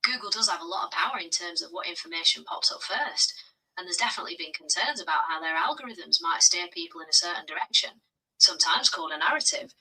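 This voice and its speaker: Synthetic woman's voice, AI assistant, bright and breathy, measured delivery. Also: fairly low pitch, expressive, recorded from a distance, low-quality recording. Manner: measured, agreeable, calls the user bro. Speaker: AI chat assistant. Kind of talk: polite explanatory answers.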